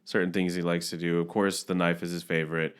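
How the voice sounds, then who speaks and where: Male podcast co-host, deep voice, relaxed chatty delivery. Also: fast, clean tone. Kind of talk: casual chat.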